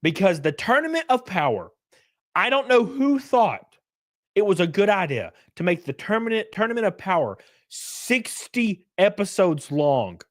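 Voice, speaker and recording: Animated, swearing man in his thirties. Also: high-pitched, unhurried. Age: 30s. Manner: loud, profane ranting with laughter. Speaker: livestream host. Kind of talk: casual livestream chat.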